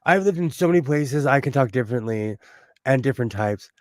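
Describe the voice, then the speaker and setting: This Southern California man co-hosts a livestream, chatting casually in an expressive, medium-pitched voice at a slightly quick pace. He jokes and laughs a lot, often trailing off and starting over. The recording is dry.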